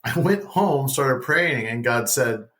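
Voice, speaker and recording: A man of ordinary middle pitch tells a personal story as a podcast guest. He talks in a casual, animated way and checks in with the listener with a quick "right?". He often repeats a word or two as he starts a new thought. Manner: animated, keeps asking "right?".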